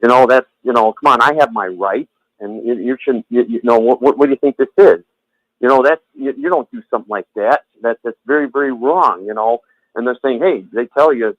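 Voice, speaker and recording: A man's voice: mid-range voice, lively intonation, fairly quick, dry recording. Blunt rambling man on a phone line. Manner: rambling, repeats himself, blunt and profane. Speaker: former Jehovah's Witness sharing his story. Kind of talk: heated phone conversation. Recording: tinny phone-line audio, dry.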